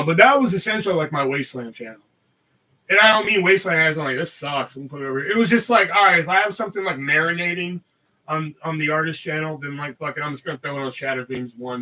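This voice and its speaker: A man's voice: fairly high pitch, sharp tone, distant mic, low-quality recording. A man hosting a live podcast, telling rambling stories in casual, heavily profane chat. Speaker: podcast host.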